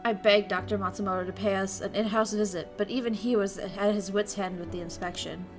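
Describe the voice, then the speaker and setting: A woman VTuber casually streaming a visual novel, reading it aloud with excitable, crude, giggly commentary. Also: medium pitch, a little fast, music in the background. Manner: crude, excitable, laughs and swears often.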